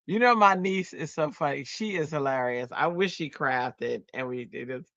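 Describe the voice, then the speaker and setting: A woman hosting a crafting stream, chatting casually and telling stories in an animated way while she works. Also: sits low, moderate pace, dry recording, highs cut off. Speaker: crafting channel host.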